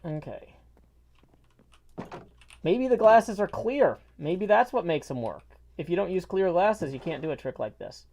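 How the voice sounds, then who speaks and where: A man's voice: high voice, lively intonation, a little slow, pauses often, a little mellow. Muffled, rambling man streaming. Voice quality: muffled by a mask. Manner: rambling, playful, jokey asides. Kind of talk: casual livestream chat while gaming. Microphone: mask worn over the face.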